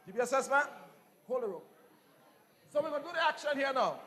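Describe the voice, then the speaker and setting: A Grenadian man leading children in a folk call-and-response class, lively, playful and encouraging, repeating his instructions. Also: very high voice, fairly quick, some chatter behind. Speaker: folk music workshop leader. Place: indoor music fair.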